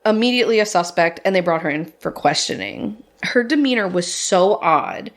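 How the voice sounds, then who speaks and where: A woman's voice: lowish voice, animated, normal speed. Chatty woman telling a true-crime story. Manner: chatty, swears freely, laughs at own jokes.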